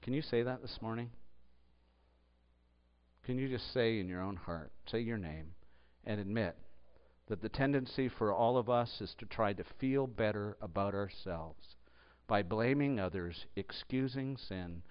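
A man preaching a sermon as pastor, swinging between loud emphatic bursts and hushed low asides. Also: measured pace, clean tone. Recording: dull echoey hall.

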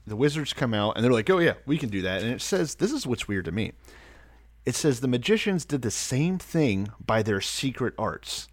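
A man's voice: mid-range voice, sing-song, normal speed, no echo. A man co-hosting a casual podcast, joking and retelling stories in slangy, swearing quoted voices. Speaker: podcast co-host. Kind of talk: casual irreverent chat.

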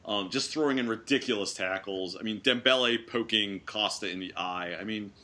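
A man hosting a casual sports podcast, animated and sarcastic, throwing in quick asides and questions to his co-hosts. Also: fairly low pitch. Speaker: podcast host.

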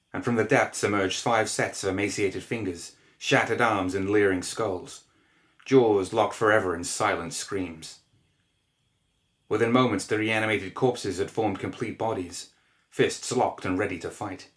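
Brief: male narrator, low voice, steady scripted story reading. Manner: measured, descriptive reading.

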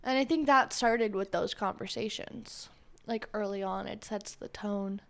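A woman hosting a podcast in a casual chat, rambling and animated with many fillers. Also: medium pitch, a little slow, vocal fry. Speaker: podcast host.

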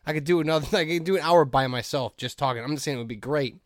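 A man co-hosting a podcast in casual chat, talking loosely with plenty of fillers and quick agreeing replies. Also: fairly high pitch, no room sound, clean studio sound. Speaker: podcast co-host.

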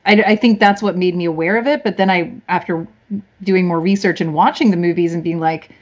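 A woman's voice: fairly low pitch, a little fast, muffled recording. A woman, an actress, telling stories in a casual, chatty conversation and laughing often. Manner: chatty, laughing, animated storytelling. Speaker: actress guest.

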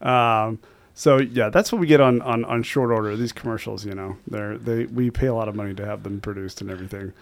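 A man's voice: lowish voice, fairly even intonation, brisk, creaky. Rambling, chuckling male podcast host. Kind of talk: casual beer podcast chat.

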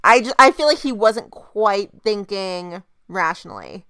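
A woman's voice: mid-range voice, measured pace, clear, resonant tone, dry recording, clean studio sound. Chatty woman recapping an episode. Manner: chatty, animated retelling with quoted voices. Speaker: podcast co-host recapping a TV episode. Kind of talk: casual chat.

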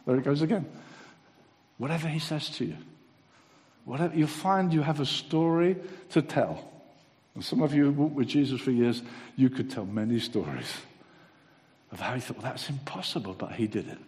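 A man preaching a sermon, acting out little dialogues with lively energy and ending in a gentle altar call. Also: medium pitch, normal speed, long pauses. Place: church hall. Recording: long hall reverb.

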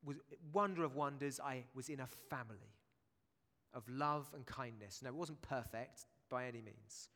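A man's voice: mid-range voice, normal speed, pushed and bright. A man preaching a sermon in a church, chatty and jokey, with asides to the congregation. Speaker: pastor. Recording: long church reverb.

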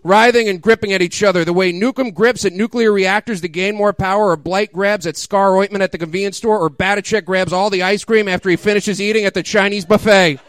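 High, clear-voiced man reading with laughter. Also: steady tone, a little fast, hardly any pauses, fairly bright tone, dry recording. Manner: laughing, incredulous asides. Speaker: comedic reader. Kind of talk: mock dramatic reading.

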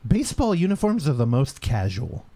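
A man's voice: mid-range voice, huge pitch swings, moderate pace, warm tone. A man co-hosting a podcast in casual chat, easygoing, laughing along and answering with short dry remarks. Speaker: podcast co-host.

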